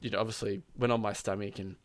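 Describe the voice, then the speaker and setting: A man's voice: lowish voice, fairly even intonation, quick pace, dry recording. A man casually telling a long story about a game, rambling with plenty of fillers and quoted lines. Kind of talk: casual chat.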